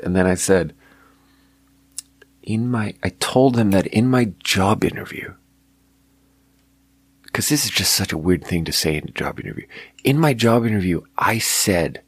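Creaky-voiced man, wry late-night monologue. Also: sits low, a little slow, pauses often, dry recording. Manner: wry, self-mocking, swears freely. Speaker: solo podcast host.

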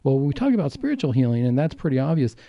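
A man's voice: mid-range voice, big pitch swings, quick pace, no echo, dull audio. A man, a doctor co-hosting a faith talk show, explaining earnestly and acting out the voices he quotes. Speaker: doctor and co-host.

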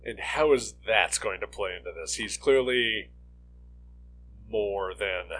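Low-voiced man, halting podcast chat. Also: a bit bright, a little hiss or hum, low-quality recording. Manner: halting, thinks aloud with many restarts. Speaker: podcast co-host. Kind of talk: casual movie chat.

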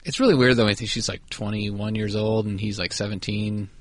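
A man's voice: on the low side, steady tone, fairly quick. A man co-hosting a rewatch podcast, making wry, playful comments about the episode. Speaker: podcast co-host.

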